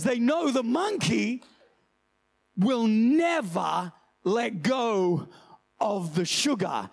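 A man preaching a lively sermon to his church, telling stories and jumping into high shouted voices when he quotes people. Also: breathy edge. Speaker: pastor.

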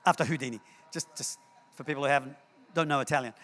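A man preaching a sermon in a church, telling stories in an animated way and repeating words as he acts scenes out. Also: mid-range voice, quick pace. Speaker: pastor. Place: church hall. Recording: long hall reverb.

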